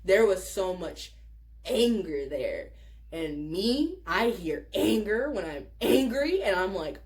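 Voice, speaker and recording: A young woman telling a wild personal story in a profane, animated vlog style. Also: mid-range voice, slow pace. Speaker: vlogger.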